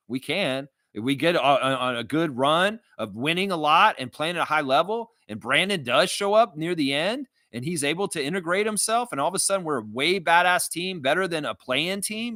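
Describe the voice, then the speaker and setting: A man's voice: on the high side, no room sound. A man hosting a live sports reaction stream, ranting with lots of swearing over a close, dry mic. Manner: animated, profane, ranting. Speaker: livestream reaction host.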